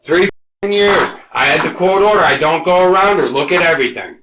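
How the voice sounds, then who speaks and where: A man in his forties under police interrogation, ranting and cursing, swinging between loud outbursts and low mutters. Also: fairly quick. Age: 40s. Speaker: interrogation suspect. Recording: echoey, muffled interrogation room recording.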